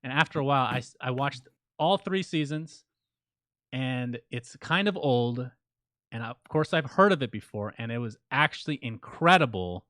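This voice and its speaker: A man co-hosting a laid-back podcast, trading deadpan jabs with his partner. His voice sits at an ordinary middle pitch, recorded close and dry with no room sound. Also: normal speed, dry recording. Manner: dry teasing, deadpan ribbing; reads listener names out as shout-outs. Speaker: podcast co-host. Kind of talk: casual podcast banter.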